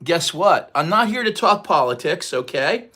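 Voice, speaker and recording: A man's voice: fairly high pitch, big pitch swings, normal speed, bright, forceful tone. A man in his sixties from the United States, hosting a casual livestream, talking to the chat in a rambling, repetitive way that turns heated and emphatic. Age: 60s. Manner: rambling, repeats himself, gets heated and emphatic. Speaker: livestream host.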